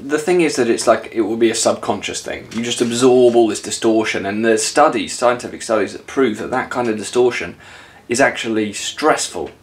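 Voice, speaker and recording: A man's voice: medium pitch, brisk, hardly any pauses. A man co-hosting a casual chat vlog, talking with frequent fillers and restarts. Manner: hesitant, many fillers and restarts. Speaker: vlog co-host.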